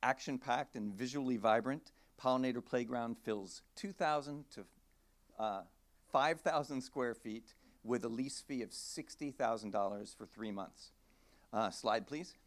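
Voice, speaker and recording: A man's voice: mid-range voice, a little slow. A man presenting his company's exhibits at a conference with an upbeat, salesy delivery. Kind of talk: conference pitch.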